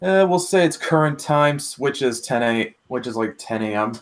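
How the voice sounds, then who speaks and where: A man's voice: mid-range voice, lively intonation, moderate pace. Laid-back man running a tabletop game. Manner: laid-back, laughs often, says "all right" a lot. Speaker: game master. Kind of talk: casual game master narration.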